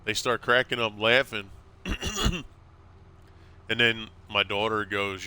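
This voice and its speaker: A middle-aged man chatting casually on a gameplay stream, telling stories in a lively way. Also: fairly low pitch, slow, long pauses. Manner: animated storyteller, acts out quotes with laughs.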